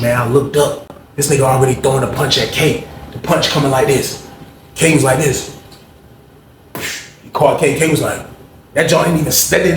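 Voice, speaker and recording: A man casually telling a story, animated and acting out the people he quotes in a higher voice. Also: vocal fry. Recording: echoey room with faint noise.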